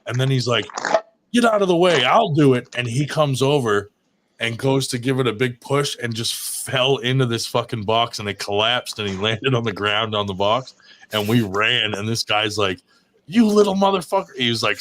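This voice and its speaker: A man's voice: mid-range voice, fairly even intonation, moderate pace, sharp tone. A man telling prank stories in casual chat, swearing often and laughing as he goes. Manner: profane, laughing storyteller. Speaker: podcast co-host. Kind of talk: casual storytelling.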